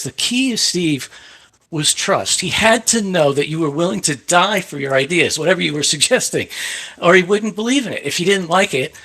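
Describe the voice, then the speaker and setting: A man, a photographer, telling a lively anecdote on a panel and acting out the quotes. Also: fairly high pitch. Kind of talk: storytelling on a panel.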